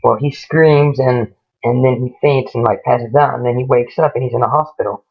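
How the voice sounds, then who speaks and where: A man's voice: mid-range voice, steady tone, moderate pace, gravelly, slightly rough. A man casually retelling a ghost story in a rambling way, stringing events together with "he goes" and "she goes". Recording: tinny phone-like lo-fi audio.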